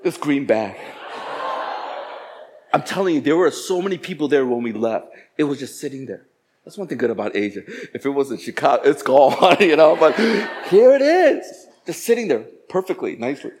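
A man casually telling a personal story in an animated way, acting out what people said with sudden jumps in pitch and volume. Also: fairly quick, slight background noise. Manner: animated, acts out dialogue with jumps in pitch and loudness.

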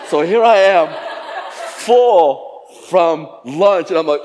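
A man with a slightly higher-than-usual voice tells a personal story in a casual, lively way. He acts out each exchange, and his voice leaps up high and loud when he plays the other people. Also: normal speed. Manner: animated, acts out dialogue with jumps in pitch and loudness.

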